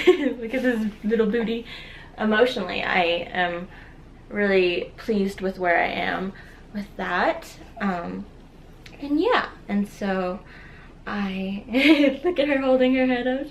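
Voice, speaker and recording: A young woman in her twenties filming a casual personal vlog at home, speaking softly and rambling, with many fillers and tearful laughs. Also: medium pitch, a little hiss or hum. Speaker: vlogger, new mother. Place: at home, holding her baby. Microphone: camera viewfinder.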